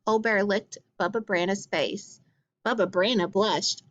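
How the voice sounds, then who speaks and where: A woman reads a children's picture book aloud at a middling pitch. She stops now and then to explain things plainly for young listeners. The recording is a little dull and lo-fi. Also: steady tone, unhurried. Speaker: storyteller.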